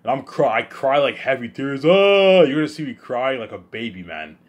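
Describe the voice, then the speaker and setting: A man talking alone in a rambling monologue, repeating himself and swinging between loud outbursts and low mumbles. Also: lively intonation, a little fast, breathy edge, lo-fi sound. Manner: repetitive, keeps saying "you know what I'm saying". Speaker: host of his own listening series.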